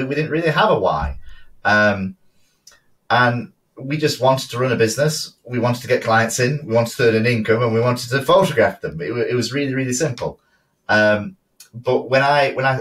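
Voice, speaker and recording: Man, low voice, podcast co-host, chatty, stumbles over words, a bit distant from the mic. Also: fairly bright tone. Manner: chatty, repeats and restarts words, laughs easily. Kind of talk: casual podcast chat.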